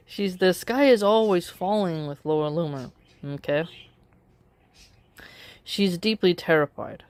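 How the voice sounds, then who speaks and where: A woman giving casual opinion commentary in a wry, measured way, drawing out her phrases with pauses. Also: on the low side, animated, fairly bright tone, clear, resonant tone, no room sound. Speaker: political commentary vlogger.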